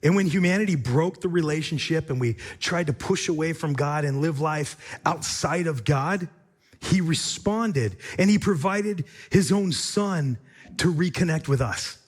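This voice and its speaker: A man's voice: fairly high pitch, unhurried, slightly rough. A male pastor preaching a sermon with emphatic, repetitive rhetorical phrasing.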